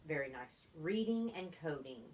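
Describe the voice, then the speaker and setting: Woman, reading tutor, low voice, encouraging, patient, short praise, faint background hum. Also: lively intonation, normal speed, a little mellow. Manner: encouraging, gives short praise and clear instructions. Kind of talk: one-on-one phonics lesson.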